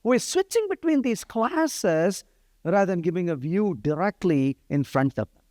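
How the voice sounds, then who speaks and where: Animated man teaching code. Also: sits high, normal speed, no room sound, studio quality. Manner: conversational, many "right?" check-ins. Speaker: programming instructor. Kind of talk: live-coding lecture.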